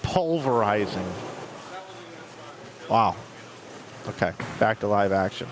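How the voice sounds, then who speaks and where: A man's voice: medium pitch, moderate pace, noisy background. A man commentating a live bowling stream, rambling through chatty stories between play calls.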